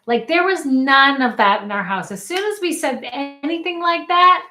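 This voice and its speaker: A woman's voice: high-pitched, animated, normal speed, few pauses, sharp tone. A woman life coach giving an earnest live teaching, often calling out questions to her audience. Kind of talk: live online coaching talk.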